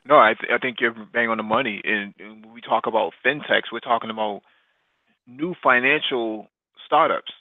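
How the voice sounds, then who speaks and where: A man with a mid-range voice co-hosts a casual economics and technology podcast, talking at a moderate pace with no room sound. He explains at length, often using fillers and restarting sentences. The recording has a dry, tinny, phone-like quality.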